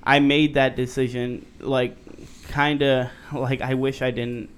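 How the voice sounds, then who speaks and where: Clear-voiced, excitable male guest. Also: medium pitch, measured pace. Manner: excitable storytelling, heavy swearing. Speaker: podcast guest, rapper. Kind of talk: casual chat.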